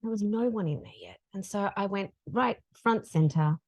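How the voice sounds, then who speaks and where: A middle-aged woman, a podcast guest telling a story in a casual, animated way. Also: mid-range voice, normal speed, creaky. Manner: animated, acts out dialogue in her stories.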